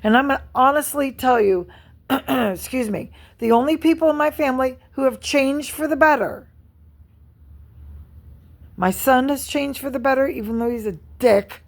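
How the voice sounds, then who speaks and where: A woman's voice: sits high, normal speed, vocal fry. A middle-aged woman venting angrily and profanely in a vlog monologue, repeating herself as she rants. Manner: angry, profane, repetitive venting. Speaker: vlogger.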